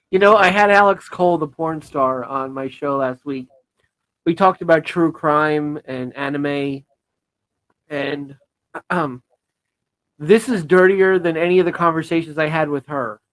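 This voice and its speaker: A man's voice: a little high, a little slow, long pauses, fairly bright tone, no echo, low-quality recording. Teasing talk show host man, dry sound. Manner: joking, teasing interjections. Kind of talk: casual chat.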